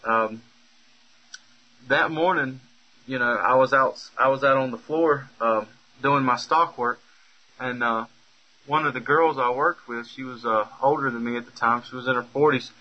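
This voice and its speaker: A man's voice: medium pitch, moderate pace, dull audio. A man speaking in an unscripted monologue, rambling with lots of fillers and restarts. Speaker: speaker recounting a personal story.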